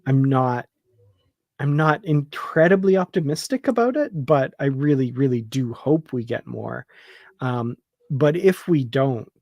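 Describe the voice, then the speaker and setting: Guy chatting about a show he loves, slow and laughy, dry close mic. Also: medium pitch, expressive, darkish tone, no echo. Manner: enthusiastic, laughs often, many fillers. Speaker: podcast co-host. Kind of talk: casual fan discussion.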